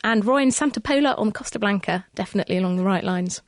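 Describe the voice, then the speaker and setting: A woman co-presenting a science radio show in a studio, explaining things clearly. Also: mid-range voice, quick pace, no echo. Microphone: studio mic.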